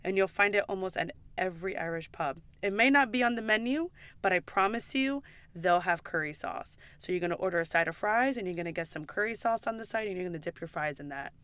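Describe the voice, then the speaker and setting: A woman's voice: mid-range voice, expressive, fast, few pauses, a bit bright, clear, resonant tone, no room sound. Woman, pub server, casual vlog; chatty and emphatic, swears, dry close sound. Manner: frequent "like" and "okay?" asides.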